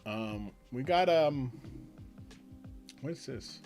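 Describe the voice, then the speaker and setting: A man's voice: mid-range voice, lively intonation, slow pace, a little mellow, faint music behind. A man hosting a live stream as league commissioner, chatting loosely, laughing often and trailing off mid-sentence. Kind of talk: casual live-stream banter.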